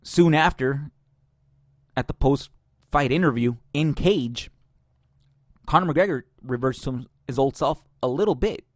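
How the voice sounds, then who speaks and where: A man's voice: medium pitch, measured pace, long pauses, dry recording, studio quality. A man hosting a podcast, ranting casually and profanely with strong opinions. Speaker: podcast host.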